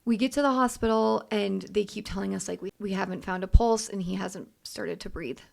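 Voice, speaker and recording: A young adult woman, a podcast co-host, telling a heartfelt personal story in a halting way with many restarts. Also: medium pitch, fairly even intonation, gravelly, darkish tone.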